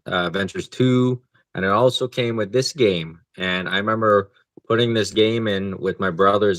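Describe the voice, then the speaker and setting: Low-voiced laid-back podcast guy. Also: no room sound. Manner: relaxed, laid-back, swears freely. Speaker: podcast co-host. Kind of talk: casual gaming chat.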